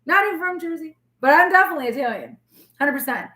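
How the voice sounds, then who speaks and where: A woman, a tarot reader talking candidly to her live-stream viewers in a sassy, feisty, rambling way, with a forceful tone that can sound like yelling. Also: high voice, expressive, fast talker. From New York. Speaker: tarot reader and channel host. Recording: echoey room.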